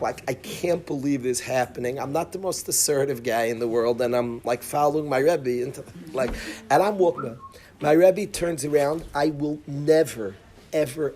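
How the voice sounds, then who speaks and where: Lively rabbi telling a story to students. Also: male voice, a little high. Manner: lively, laughs mid-story, restarts and asides. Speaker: rabbi giving a class.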